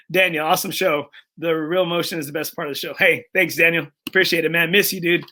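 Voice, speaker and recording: A man's voice: a little high, steady tone, a little fast, sharp tone, slight background noise. A man hosting a casual golf podcast, speaking earnestly and getting emotional, with frequent restarts and fillers. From Texas. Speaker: podcast host.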